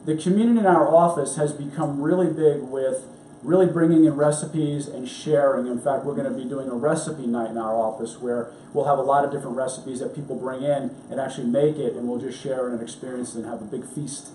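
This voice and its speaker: A man's voice: medium pitch, fairly even intonation, a little fast, mellow, distant mic, a little hiss or hum. A middle-aged man from New York, a doctor hosting a health show, talking in a chatty, rambling, upbeat way at home in his kitchen. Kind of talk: casual cooking and health talk. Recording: echoey room, voice off-mic.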